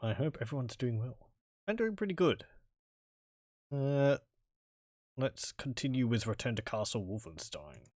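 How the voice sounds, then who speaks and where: A man's voice: medium pitch, big pitch swings, unhurried, long pauses, darkish tone, no echo, clean studio sound. A man hosting a casual let's-play, chatting and rambling as he plays and often correcting himself. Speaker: gaming video host. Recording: faint game music behind.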